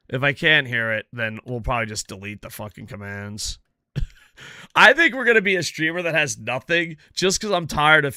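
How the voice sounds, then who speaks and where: Bright, profane streamer man. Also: on the high side, smooth, no echo, clean studio sound. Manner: profane, excitable, grumbles at his stream tech. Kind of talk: casual gameplay chat.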